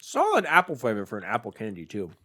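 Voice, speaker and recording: A man's voice: fairly low pitch, huge pitch swings, fast, bright, forceful tone, slightly rough. A man co-hosting a snack-tasting podcast, chatting casually, playful and teasing, often laughing. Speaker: podcast co-host.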